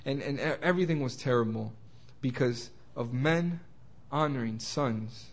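Halting man preaching a Bible study. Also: mid-range voice. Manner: halting, many restarts and repeated words; slows and rises to stress quoted scripture. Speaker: Bible teacher. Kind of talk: informal Bible study sermon.

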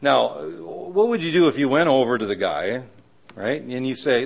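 A middle-aged man preaching a conversational sermon who keeps asking the audience "right?" and acts out the people he quotes in sudden high voices. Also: expressive, normal speed, vocal fry. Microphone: live audio of a church talk.

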